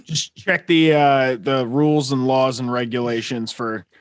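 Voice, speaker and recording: A man's voice: mid-range voice, level tone, a little slow, smooth, no room sound. A man hosting a podcast, asking questions in an easygoing way with casual swearing. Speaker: podcast host. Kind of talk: casual chat.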